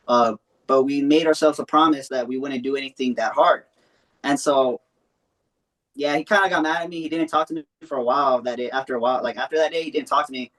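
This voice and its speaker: A young man telling a long personal story in a loose, rambling way, full of swearing and fillers. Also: medium pitch. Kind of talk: casual storytelling.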